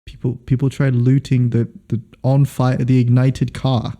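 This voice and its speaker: A man's voice: medium pitch, little pitch movement, moderate pace, mellow. A man co-hosting a casual podcast, stammering and repeating words as he asks questions. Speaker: podcast co-host.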